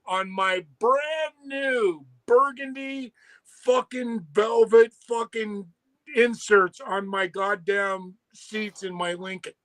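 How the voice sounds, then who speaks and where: Man, high-pitched, swears freely, acts out quotes while telling a story; casual co-host energy. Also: a bit bright, no echo. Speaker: podcast co-host.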